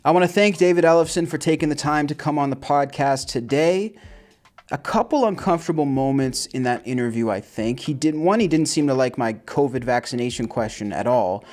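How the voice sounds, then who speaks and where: A man's voice: medium pitch, a little fast, a little mellow, soft background music. Male podcast host, plain mid voice. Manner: brief affirming interjections, earnest questions. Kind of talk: interview hosting.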